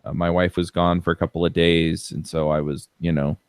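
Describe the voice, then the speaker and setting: A man with a low voice talks through a story in casual podcast chat, loose and full of fillers. His voice is close and dry, with almost no room sound. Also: brisk, clean tone, no echo. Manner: relaxed storytelling with many fillers. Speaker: podcast co-host.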